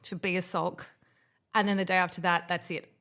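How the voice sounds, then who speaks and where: A woman's voice: on the low side, normal speed. A woman hosting a podcast in casual chat, telling stories dramatically and swearing now and then. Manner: animated, dramatic storyteller. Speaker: podcast host.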